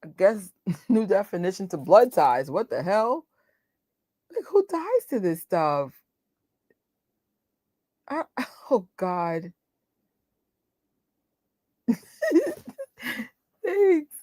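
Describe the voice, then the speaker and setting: A woman hosting a live watch party and reacting to a film in casual, emotional outbursts. Her pitch swings widely as she rants, jokes and laughs, and the sound is close and dry. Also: big pitch swings, slow pace, long pauses, no room sound. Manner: casual and joking, with frequent laughs. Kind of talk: live movie reaction chat.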